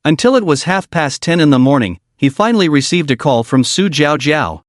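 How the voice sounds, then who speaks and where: A man narrating a comic story recap in an expressive storytelling manner. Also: a little high, a little fast, no room sound, studio quality.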